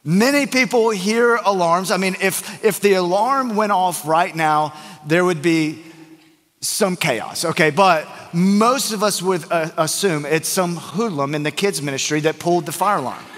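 A man's voice: high voice, a little slow, fairly bright tone. A male pastor, preaching a sermon in a casual, joking storytelling manner full of fillers and restarts. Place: church sanctuary. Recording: church hall with long reverb.

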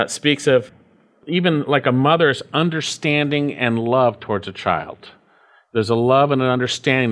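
A man's voice: fairly high pitch, a bit bright. A man preaching a sermon, reading scripture aloud and repeating key phrases with emphasis. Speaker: pastor.

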